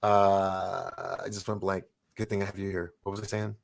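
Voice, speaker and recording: A man in his forties hosting a casual chat, telling stories in a rambling, excitable way with many restarts. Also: low-pitched, moderate pace, gravelly. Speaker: host.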